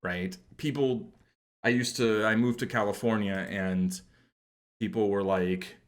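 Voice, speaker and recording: A man's voice: lowish voice, steady tone, measured pace. A man from New York hosting a podcast, chatting casually in rambling, self-deprecating asides. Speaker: podcast host. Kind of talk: casual chat.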